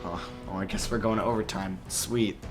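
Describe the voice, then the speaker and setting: A man giving live commentary on his own basketball video game, excitable and jumping between loud outbursts and low mutters. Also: moderate pace, soft background music.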